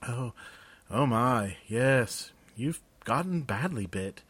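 A man voicing a kindly male healer who talks gently, slowly and reassuringly. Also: medium pitch, lively intonation, breathy edge, dry recording, full character voice. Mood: soothing.

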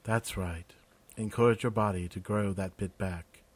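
A man voicing a kindly male healer who talks gently, slowly and reassuringly. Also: lowish voice, fairly even intonation. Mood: soothing.

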